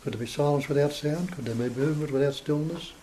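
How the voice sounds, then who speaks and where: A man, a spiritual teacher, giving a measured talk to a small group and posing rhetorical questions as he explains. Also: fairly high pitch, mellow, a little hiss or hum, poor audio.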